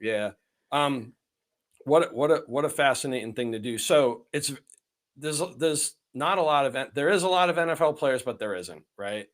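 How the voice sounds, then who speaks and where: A man's voice: mid-range voice, animated, normal speed. A man hosting a podcast, easygoing and conversational, often repeating words as he thinks. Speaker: podcast host. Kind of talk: casual chat.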